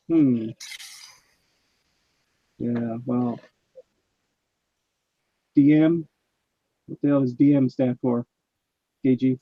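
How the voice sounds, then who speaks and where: A man's voice: mid-range voice, dry recording. Chatty male live-stream host, muffled mic. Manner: reads chat messages aloud, chatty. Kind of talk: casual live-stream chat. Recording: muffled, dull mic sound.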